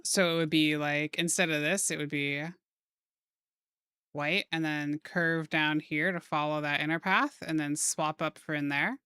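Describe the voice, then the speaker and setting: A woman's voice: deep voice, fairly even intonation, unhurried, sharp tone, clear, resonant tone, dry recording, studio quality. A playful young woman chatting casually and joking while she draws on stream. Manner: playful, goofy wordplay and silly put-on phrases. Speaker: streamer drawing live. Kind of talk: casual chat while drawing.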